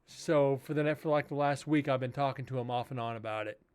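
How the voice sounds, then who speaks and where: Male stream host, paranormal investigator, mid-pitched, loose, swearing, rambling chat. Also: fast talker, a little mellow, clean tone. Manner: rambling, profane storytelling. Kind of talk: casual livestream chat.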